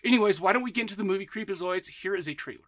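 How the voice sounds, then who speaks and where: High-voiced enthusiastic rambling man. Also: rapid-fire, a bit bright, faint music behind. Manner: enthusiastic, rambling, self-interrupting; laughs and acts out voices in anecdotes. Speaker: podcast host. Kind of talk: casual monologue.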